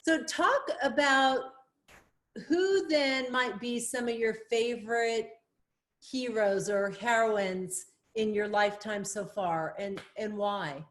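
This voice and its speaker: A woman's voice: fairly high pitch, slow pace. A woman hosting an interview, who gives short encouraging replies and asks open questions. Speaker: interview host. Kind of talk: casual interview.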